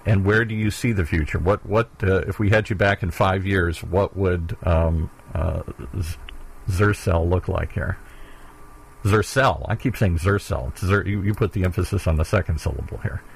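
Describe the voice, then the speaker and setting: A middle-aged man with a very low, husky voice hosts a relaxed interview. He talks in a folksy way and often tags "here" onto the ends of his sentences. He asks plain questions and plays up his confusion at jargon. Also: moderate pace, rough recording. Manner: folksy, jokes about not understanding jargon, habitual "here" at line ends. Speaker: radio show host. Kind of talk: conversational interview.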